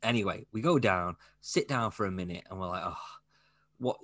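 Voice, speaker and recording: Male podcast co-host, lowish pitch, dry close sound, loose and jokey. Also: lively intonation, brisk, fairly bright tone, no echo. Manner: chatty, joking, rambling asides. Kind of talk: casual film chat.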